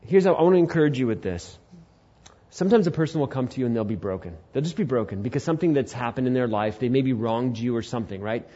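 Young male pastor in his twenties, warm dark tone, preaching with big swings in volume, slightly muffled recording. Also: mid-range voice, fast, breathy edge. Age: 20s. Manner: animated storytelling, swings from loud to hushed. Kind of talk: sermon.

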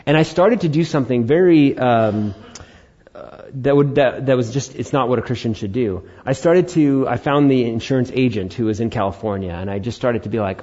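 A pastor delivering a sermon in a husky, mid-pitched voice. He tells a personal story and breaks into animated acted-out asides. The recording sounds slightly muffled. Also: a little fast.

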